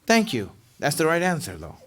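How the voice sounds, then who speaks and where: A man's voice: on the high side, wildly swooping pitch, a little fast. A middle-aged male preacher giving a Ramadan lecture in a conversational way, asking rhetorical questions and often saying "you know".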